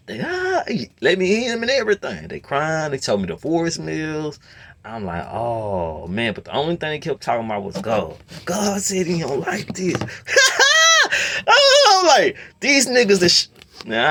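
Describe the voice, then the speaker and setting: A man telling a long story in a casual rant, slipping between low muttering and loud outbursts. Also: vocal fry. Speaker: storyteller host.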